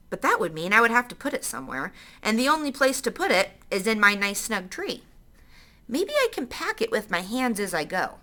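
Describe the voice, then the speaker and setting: Bright, lively woman reading a storybook. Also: mid-range voice. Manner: stops to explain words to young listeners. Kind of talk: reading a children's novel aloud.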